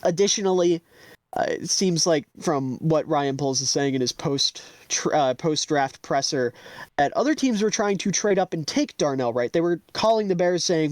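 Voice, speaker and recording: Man on a sports podcast, kinda high voice, confident and detailed, hyped about the pick, dry close sound. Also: expressive, moderate pace, no echo. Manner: confident, detailed, enthusiastic breakdown. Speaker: podcast co-host. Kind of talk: casual sports analysis.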